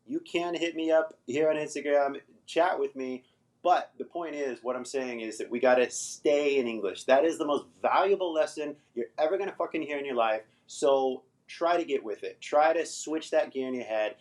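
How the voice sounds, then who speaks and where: An American man hosting a casual live-stream English lesson, loose and chatty, full of fillers, with the odd swear word. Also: medium pitch. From United States.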